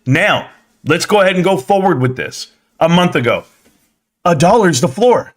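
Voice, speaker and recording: A man with a notably high voice hosts a live stream and rants about the stock market. He talks in a sarcastic, scolding way, needling his own viewers. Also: animated, normal speed. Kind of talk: ranting stock market commentary.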